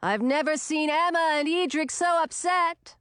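A woman voicing a loud, excitable young female witch in a storybook, gushing and drawing out her words. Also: high voice, no room sound, clean studio sound, voice pushed up. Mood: chatty. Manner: gushing, drawn-out.

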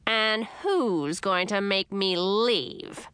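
A woman's voice: very slow, a bit bright, clear, resonant tone, dry recording. A woman voicing a cranky, bossy old witch grandmother who barks and sneers in a storybook reading. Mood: scornful. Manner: barking, scornful, shrill at times.

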